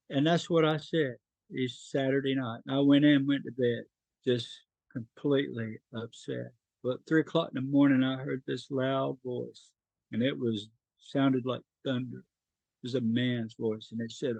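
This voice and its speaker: A man's voice: medium pitch, flat delivery, normal speed, creaky, darkish tone, no echo, lo-fi sound. A middle-aged man from North Carolina, a podcast guest telling his life story in an emotional, earnest way.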